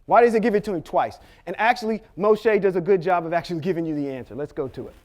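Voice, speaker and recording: A male Bible teacher with a high, fast, slightly mellow voice gives a Torah study lesson. He explains Hebrew letters and vowels patiently, one step after another, often asking "okay?" and adding small jokes.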